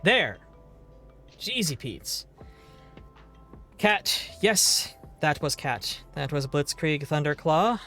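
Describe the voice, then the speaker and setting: A man's voice: fairly high pitch, very animated, slow pace, a bit bright, soft background music. A man streaming a game live, chatting casually in a rambling, playful way and swearing now and then.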